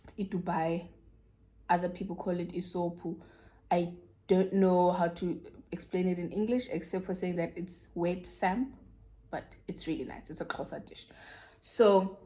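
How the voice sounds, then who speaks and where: A woman's voice: fairly low pitch, steady tone, measured pace, a little mellow. A young South African woman with a South African accent, frankly telling a personal story to her viewers in casual, slangy chat. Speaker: YouTuber.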